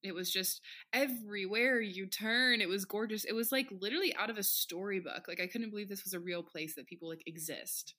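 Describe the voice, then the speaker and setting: Bright-voiced young woman chatting. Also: medium pitch, fairly quick, hardly any pauses. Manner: playful, self-mocking storytelling. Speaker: podcast co-host. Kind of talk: casual chat.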